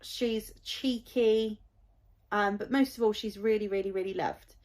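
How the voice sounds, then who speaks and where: A woman's voice: mid-range voice, steady tone, unhurried, darkish tone. A woman, talking in a heartfelt, rambling vlog as a parent, with many fillers. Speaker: parent vlogger. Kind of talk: casual vlog monologue.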